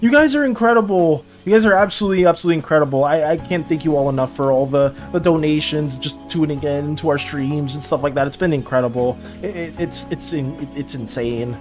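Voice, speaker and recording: An art streamer in casual live-stream chat, talking to viewers in a stammering, flustered, excitable way and repeating words often. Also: medium pitch, quick pace, few pauses, soft background music.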